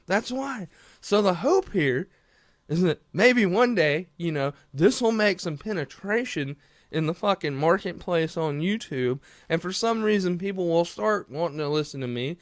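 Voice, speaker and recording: A man's voice: high-pitched, normal speed, dry recording, clean studio sound. A man delivering a heated, profane, rambling political rant straight to camera. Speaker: political commentary vlogger. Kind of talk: profane ranting commentary to camera.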